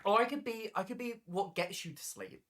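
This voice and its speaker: A woman chatting on a casual livestream from her home floor at night, loud, scattered and giggly as she talks. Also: mid-range voice, lively intonation, fairly quick.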